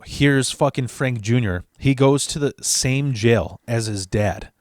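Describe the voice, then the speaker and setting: A man hosting his own channel tells stories in a loose, foul-mouthed, rambling way, full of profanity, restarts and asides. His voice sits mid-range, and the recording is dry and close with no room sound.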